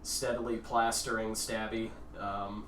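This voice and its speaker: A game master narrating a tabletop game, unhurried and quick to laugh. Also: medium pitch, flat delivery, fairly bright tone, roomy sound, distant mic, a little hiss or hum.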